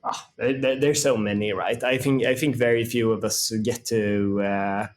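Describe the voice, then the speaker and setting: A man's voice: medium pitch, steady tone, normal speed. A man in his thirties, a startup co-founder, talking casually as an interview guest, with lots of fillers and restarts. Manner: rambling, many fillers and restarts.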